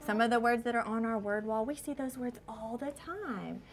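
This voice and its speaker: A woman kindergarten teacher leading a shared reading lesson, patiently questioning children and sounding words out slowly. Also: fairly high pitch, a crowd in the background. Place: classroom with young children. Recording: classroom recording with clear background noise.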